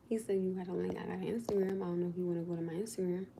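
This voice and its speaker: A woman's voice: fairly low pitch, vocal fry, noisy background. A woman casually chatting to viewers on a livestream, talking in an exasperated, chatty way to the people watching.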